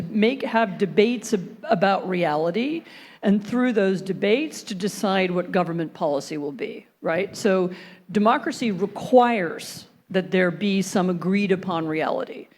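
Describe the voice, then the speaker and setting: Woman panelist, measured analytical talk, careful restarts. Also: medium pitch, a little mellow. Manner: thoughtful, hesitant restarts, then fluent argument. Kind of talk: panel discussion.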